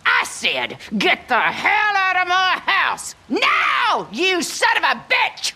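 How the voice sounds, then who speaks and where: A woman's voice: sits high, very animated, takes it slowly, sharp tone, husky, heavily acted. An actress voicing a mean, foul-mouthed old rural grandmother who hurls insults and threats, with a harsh, scolding voice. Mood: angry. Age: older. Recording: game audio with music behind.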